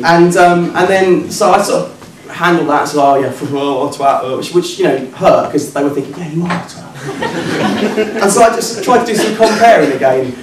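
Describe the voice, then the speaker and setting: A man telling a true story live to an audience, self-mocking and animated, laughing at himself. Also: a little high, noisy background. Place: working men's club stage. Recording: echoey club from far off, crowd.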